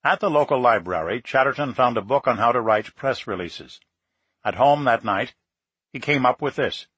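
A man reading a nonfiction story aloud in steady, measured scripted narration. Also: medium pitch, slightly rough, no echo. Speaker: audiobook narrator.

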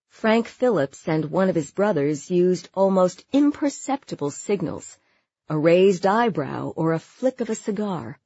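A woman narrating a nonfiction story in a measured, even storytelling manner. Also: on the low side, slightly rough, no room sound, dull audio. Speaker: audiobook narrator. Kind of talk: scripted narration.

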